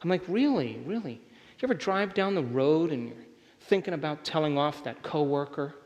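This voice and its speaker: A man delivers an emphatic motivational lecture and keeps checking in with his live audience. His voice sits fairly high for a man. It rings with the long reverb of a large hall. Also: normal speed, lo-fi sound. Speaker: workshop speaker.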